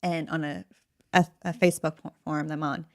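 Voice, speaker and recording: A woman's voice: low voice, fairly even intonation, fast, a little mellow. Playful joking woman co-host. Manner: joking, playful, emotional at times. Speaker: podcast co-host. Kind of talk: casual chat.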